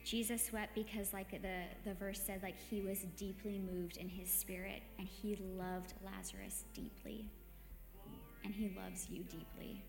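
A woman hosting a meditation gives a gentle, reflective devotional talk, easing through her thoughts with soft hesitations at a measured pace. Her gravelly voice keeps a fairly even intonation. It echoes through a space with a long reverb tail while faint music plays low behind her.

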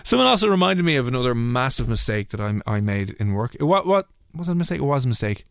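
A man's voice: fast talker, creaky, smooth, dry recording, clean studio sound. A man hosting a casual radio chat, telling stories animatedly and acting out what others said. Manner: animated storytelling, voices others with big pitch jumps. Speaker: radio host.

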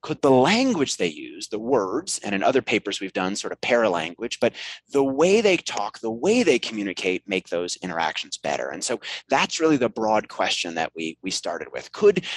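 A man, a professor being interviewed, speaking in a lively, conversational way with frequent ums and restarts as he tells a story and explains his research. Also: fairly low pitch, moderate pace, poor audio. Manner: animated storyteller with many fillers and restarts. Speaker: guest, marketing professor.

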